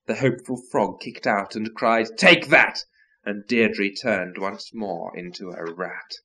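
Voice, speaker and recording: A man reciting nonsense verse theatrically, swinging between loud declamation and low murmurs. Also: fairly even intonation, unhurried.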